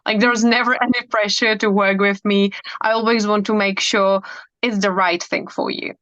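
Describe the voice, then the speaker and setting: Earnest woman guest chatting, smooth voice, dry dull lo-fi audio. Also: mid-range voice, fairly even intonation, normal speed, fairly bright tone, no echo. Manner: earnest, enthusiastic, many "like" fillers. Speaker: hypnotherapist guest. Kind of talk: casual interview chat.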